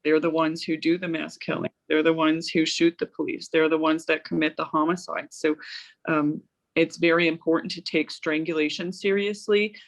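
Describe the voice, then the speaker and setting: Flat, steady woman guest. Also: deep voice, moderate pace, low-quality recording. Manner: steady, informative, frequent ums. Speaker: guest advocate. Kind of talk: interview answers.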